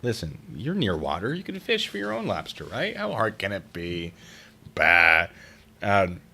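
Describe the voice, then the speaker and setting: Animated, bright-voiced male streamer. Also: lowish voice, normal speed, gravelly, breathy edge. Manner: chatty, wry, reads stories aloud and reacts. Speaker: streamer reading reader stories. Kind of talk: casual live-stream commentary.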